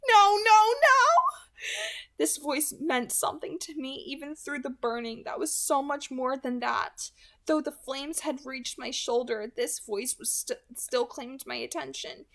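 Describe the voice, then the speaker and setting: A woman's voice: sits high, steady tone, measured pace, creaky. Young woman reading a novel aloud. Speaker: audiobook reader.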